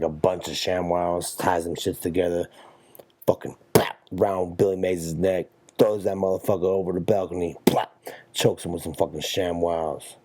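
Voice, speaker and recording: A young man with a deep, slightly mellow voice hosts a podcast on his own. Profane and meandering, he rambles through jokey stories in a monologue.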